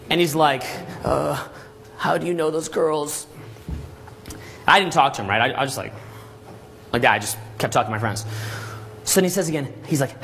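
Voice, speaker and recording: Man coaching a class, lively storyteller, fairly high voice, keeps asking "right?", faint room ambience. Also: slight background noise. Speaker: dating coach. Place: Los Angeles.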